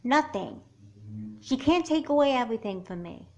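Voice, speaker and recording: A woman voicing an angry, hurt teenage girl in a doll movie, talking in a halting, sighing way. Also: high voice, lively intonation, lo-fi sound. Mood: upset.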